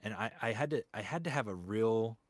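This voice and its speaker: A man's voice: lowish voice, lively intonation, fairly quick, no echo. A man, a voice actor, talking reflectively in a casual interview, rambling with lots of fillers. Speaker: guest voice actor.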